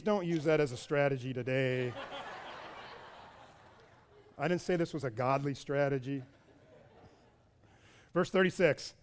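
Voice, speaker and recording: A man preaching a sermon, retelling a scripture story with lively asides and acting out the people's voices. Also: sits high. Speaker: pastor.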